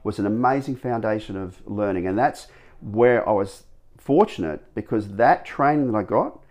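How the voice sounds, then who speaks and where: A man, telling his stories as an interview guest, rambling and animated with many restarts. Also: fairly low pitch, normal speed. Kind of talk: casual storytelling interview.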